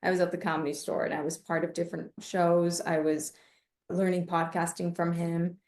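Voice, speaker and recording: A woman with a slightly low voice, telling stories in a relaxed interview. She is animated and brings the people she quotes to life with little voice changes. Her voice rings in a roomy space. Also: normal speed. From United States. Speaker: podcast guest, comedian and mindfulness coach. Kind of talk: casual interview storytelling.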